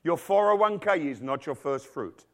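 A man's voice: a little high, animated, moderate pace, fairly bright tone. A middle-aged man preaching a sermon to his church, emphatic and full of rhetorical questions. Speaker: pastor. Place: church with congregation and children.

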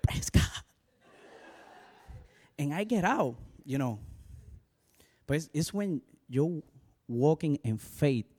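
Pastor with a strong Spanish accent. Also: male voice, on the high side, takes it slowly, long pauses, breathy edge. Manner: animated storytelling, full of "you know" asides. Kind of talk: personal testimony sermon.

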